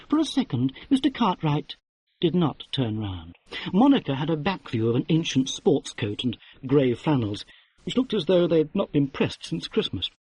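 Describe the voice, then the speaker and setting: A man narrating a classic mystery novel as an audiobook, with wry, expressive storytelling. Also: medium pitch, slightly rough, no echo.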